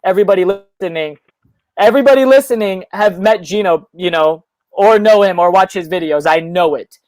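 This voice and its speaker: A young man, a guest musician, chatting eagerly in quick run-on sentences on a live stream. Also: sits high, darkish tone, no room sound. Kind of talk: casual chat on a live stream.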